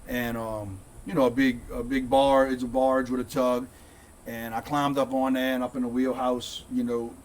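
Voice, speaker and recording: A man's voice: mid-range voice, flat delivery, moderate pace, far from the mic, slight background noise. A middle-aged man telling a long story. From St. Bernard Parish, Louisiana. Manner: rambling, repeats words, says "dude" often. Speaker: guest, content creator. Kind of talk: casual storytelling.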